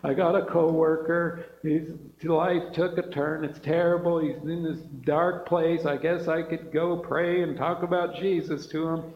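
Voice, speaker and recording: A man voicing a gloomy, defeated male churchgoer who drones slowly and pities himself. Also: medium pitch, steady tone, gravelly, pitched below the performer's own voice. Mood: mopey. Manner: slow, droning, self-pitying. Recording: echoey hall, dull sound.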